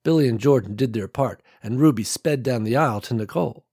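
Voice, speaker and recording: A man narrating an action audiobook in a measured, dramatic way. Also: mid-range voice, dark tone, husky, no echo, studio quality.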